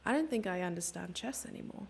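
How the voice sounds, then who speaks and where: A woman's voice: mid-range voice, animated, quick pace, creaky, slight background noise. A woman streamer giving chatty live chess commentary, thinking aloud and sometimes dropping into a whisper.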